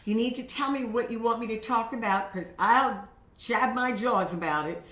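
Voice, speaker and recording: A woman's voice: on the high side, moderate pace, a bit bright, distant mic. A woman vocal coach giving casual, encouraging voice tips to camera, often checking in with "okay?". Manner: chatty and encouraging, frequent "okay?" check-ins. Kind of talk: instructional talk to camera. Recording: roomy echo.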